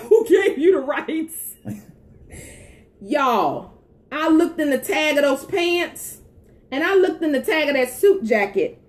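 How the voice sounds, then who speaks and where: A woman telling a story about her husband in a casual live-stream chat, animated and laughing, talking straight to her viewers. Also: sits high, takes it slowly, long pauses. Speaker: wife co-hosting a live stream. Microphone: phone.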